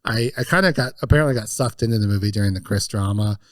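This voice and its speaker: A man's voice: lowish voice, fast talker, no room sound, clean studio sound. Laughing, chatty male podcast host. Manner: chatty, laughing often, fond of swearing and quoting scenes. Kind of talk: casual chat.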